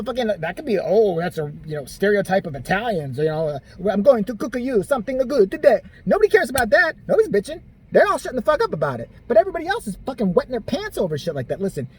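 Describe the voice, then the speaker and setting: Animated, profane male vlogger ranting. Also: breathy edge. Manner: exasperated, crude, swears constantly; animated, jumps between high and low pitch. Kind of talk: profane comedic rant.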